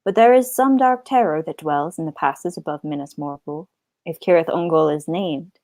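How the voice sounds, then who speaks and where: A woman reading aloud a book passage spoken by a solemn male captain, in a grave, measured way. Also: lowish voice, darkish tone, dry recording, pitched below the performer's own voice, natural voice. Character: solemn male captain telling old lore.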